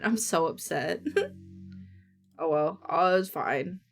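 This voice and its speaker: A woman streamer chatting casually to herself, muttering, swearing often and reading script lines quickly. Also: on the low side, sing-song.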